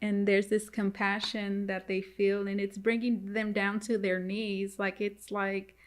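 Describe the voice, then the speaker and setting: A woman giving a casual tarot reading to viewers, halting and repetitive, often turning to address them directly. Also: medium pitch, level tone. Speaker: tarot reader.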